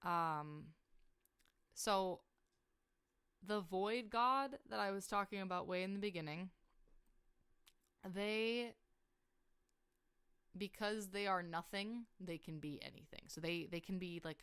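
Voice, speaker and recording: A young woman rambling excitedly about her story characters on a casual livestream, full of filler words. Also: medium pitch, unhurried, pauses often, clear, resonant tone. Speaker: streamer. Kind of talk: casual livestream lore chat.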